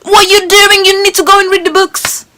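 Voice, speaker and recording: A woman's voice: very high-pitched, level tone, moderate pace, bright, forceful tone, slight background noise, pitched above the performer's own voice. A woman voicing a scolding, bossy mother in a put-on accent.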